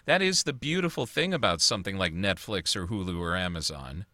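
A man's voice: low-pitched, animated, brisk, pushed and bright, no room sound. A man hosting a casual chat show, ranting about what to watch in a loose, profane way. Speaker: podcast host.

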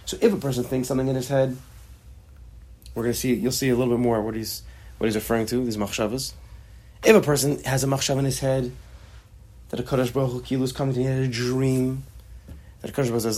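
A man teaching a class on a religious text, expressive and acting out the quotes as he explains them. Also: mid-range voice, quick pace, pauses often. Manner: expressive, acts out quotes, mixes Hebrew terms. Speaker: Torah teacher.

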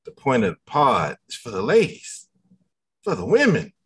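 Lively, teasing man hosting a podcast. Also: mid-range voice, moderate pace, breathy edge. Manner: loose, teasing, calls on guests by name. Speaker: podcast host. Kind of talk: casual podcast chat.

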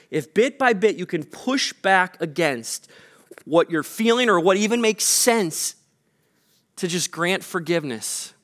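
A man's voice: a little high, fairly bright tone. A man, the pastor, preaching a sermon in a casual, conversational way with frequent fillers, recorded in a church.

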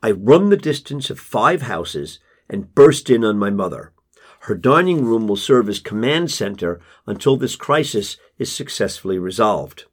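Slow, husky male memoir narrator. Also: fairly low pitch, a little mellow. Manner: measured, restrained storytelling. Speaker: audiobook narrator. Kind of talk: first-person memoir narration.

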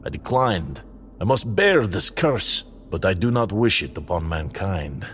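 A man voicing a sad, weary old male wanderer who speaks haltingly and drops small words. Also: low-pitched, big pitch swings, fairly bright tone, soft background music, exaggerated voice. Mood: sorrowful. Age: older.

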